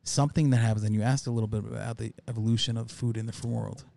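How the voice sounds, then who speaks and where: A man's voice: medium pitch, fairly even intonation, very fast, vocal fry, warm tone, no echo. A man who works as a private chef, chatting casually on a podcast and repeating key phrases for emphasis.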